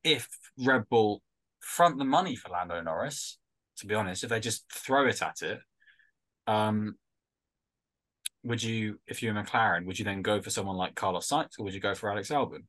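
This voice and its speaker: A man with a low voice and a sharp, bright tone chats casually as a podcast co-host. He teases his friends and tells stories in an animated, joking way. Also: moderate pace. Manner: jokey, teasing, animated storytelling.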